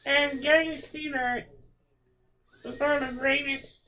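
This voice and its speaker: A woman's voice: sits high, level tone, measured pace, sharp tone, low-quality recording. A woman hosting a podcast, talking in an emotional, heartfelt way and repeating words for emphasis. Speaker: podcast host. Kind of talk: reflective podcast monologue.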